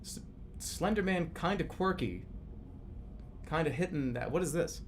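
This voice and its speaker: A man in his thirties streaming live, chatting casually in a rambling, profane, animated way. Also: on the high side, a little slow, slight background noise. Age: 30s.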